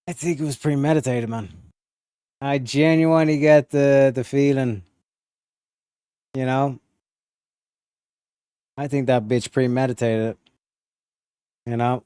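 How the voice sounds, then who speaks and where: A man's voice: medium pitch, a little slow, long pauses, a little mellow, clean tone, no room sound, clean studio sound. Blunt, profane male streamer. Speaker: streamer reacting to footage. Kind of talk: crude live-stream commentary.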